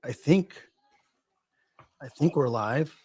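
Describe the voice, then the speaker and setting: A man's voice: medium pitch, expressive, slow, a little mellow, slightly rough. A man co-hosting a podcast in casual chat, loose and joking, often restarting his sentences. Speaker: podcast co-host.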